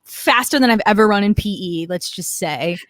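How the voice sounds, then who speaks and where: A woman in her thirties co-hosting a casual nostalgic chat, telling an animated story full of fillers and acted-out quotes. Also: mid-range voice, normal speed, over a noisy crowd. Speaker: podcast co-host.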